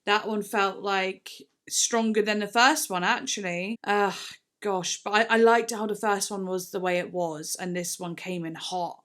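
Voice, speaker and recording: A woman's voice: mid-range voice, measured pace. Chatty woman reacting to music. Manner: chatty, rambling, excitable with gasps and laughs. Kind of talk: casual reaction commentary. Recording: faint song playing behind.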